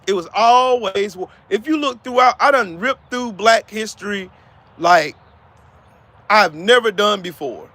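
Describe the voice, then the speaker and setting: A man's voice: high voice, a little slow, sharp tone. A man hosting a live stream, giving heated, profane commentary and talking to viewers in the chat by name. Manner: profane, fired-up, repetitive.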